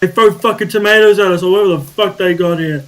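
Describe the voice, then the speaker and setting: A man's voice: sits high, steady tone, quick pace, fairly bright tone, poor audio. A man doing a foul-mouthed grumbling old soldier. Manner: profane complaining. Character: smelly grumbling male soldier in his late fifties.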